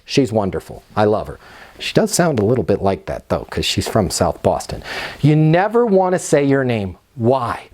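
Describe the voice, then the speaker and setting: A middle-aged man giving an energetic, emphatic sales training talk, sometimes acting out both sides of phone calls. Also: mid-range voice, moderate pace. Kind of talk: instructional talk with role-played phone calls.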